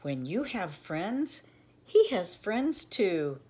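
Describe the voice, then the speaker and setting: Woman reading a calm wise old beaver. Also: on the low side, takes it slowly. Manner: calm, explaining.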